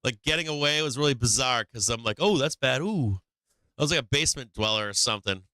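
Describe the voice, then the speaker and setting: A man's voice: medium pitch, fast talker, sharp tone, clean tone, dry recording, studio quality. A man hosting a casual live stream, swearing a lot, taunting and gleeful, sometimes breaking into a sing-song carnival barker call.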